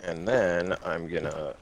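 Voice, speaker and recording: A man's voice: low voice, slight background noise. A man hosting a casual gaming stream, joking crudely and swearing freely. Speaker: streamer host.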